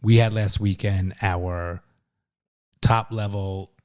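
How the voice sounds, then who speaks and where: Guy co-hosting a podcast, low voice, keeps saying yeah it's a lot. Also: steady tone, slow pace, a little mellow. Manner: chimes in with short repeated agreements. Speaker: podcast co-host. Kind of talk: casual chat.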